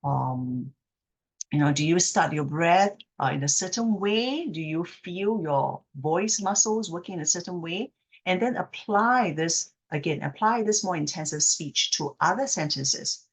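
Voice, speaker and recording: With a lowish, slightly rough voice and lively intonation, a female speech therapist talks to camera, patiently walking through a technique. She pauses to check in with the listener and slowly performs example phrases using exaggerated inflection.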